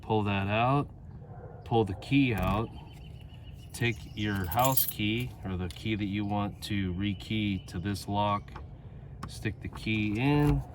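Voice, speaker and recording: Low-voiced man explaining a DIY fix. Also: slow, slight background noise. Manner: plainspoken, narrates each step as he works. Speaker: DIY video host. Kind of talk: casual step-by-step how-to tutorial.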